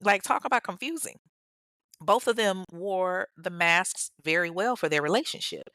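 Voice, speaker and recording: A woman's voice: fairly low pitch, moderate pace, sharp tone, no echo. A woman hosting a podcast, casually recounting a true-crime case, chatty and blunt, swearing freely and talking straight to her listeners. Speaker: podcast host.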